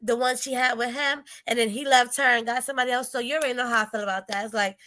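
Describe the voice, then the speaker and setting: A chatty woman co-host trading gossip in a casual way. Her voice is bright and slightly high. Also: fairly even intonation, rapid-fire. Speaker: podcast co-host. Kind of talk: casual chat.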